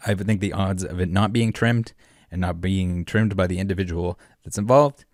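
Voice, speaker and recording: Deep-voiced guy rambling through a vlog rant, lots of uhs, kinda sarcastic, dry close sound. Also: moderate pace, dry recording. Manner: rambling and sarcastic, many filler words. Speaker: collectibles channel host. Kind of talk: casual commentary vlog.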